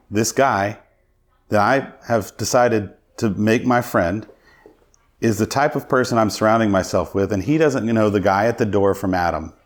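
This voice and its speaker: Earnest deep-voiced middle-aged man. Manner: earnest, reflective. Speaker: podcast guest. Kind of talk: personal testimony storytelling.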